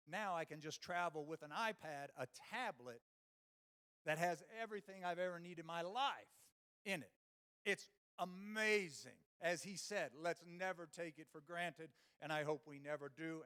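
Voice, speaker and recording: Middle-aged male keynote speaker, high-pitched, anecdotal and ranting. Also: fairly bright tone. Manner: storytelling with quoted dialogue and rants. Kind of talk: humorous conference keynote. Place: conference stage before a live audience.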